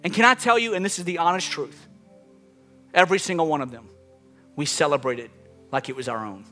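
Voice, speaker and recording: A man's voice: fairly high pitch, fairly quick, sharp tone, faint music behind. A man preaching a sermon as pastor, emphatic, his voice rising and dropping with the point he makes. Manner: emphatic, rising and falling dynamically.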